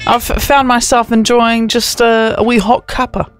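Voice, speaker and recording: A man co-hosting breakfast radio, chatty and animated. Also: extremely high pitch, a little slow, faint music behind. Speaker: radio co-host. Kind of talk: casual breakfast radio banter. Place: radio studio.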